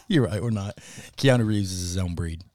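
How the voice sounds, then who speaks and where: A man co-hosting a casual sports podcast, talking in a profane, emphatic and animated way. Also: low-pitched, normal speed. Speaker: podcast co-host.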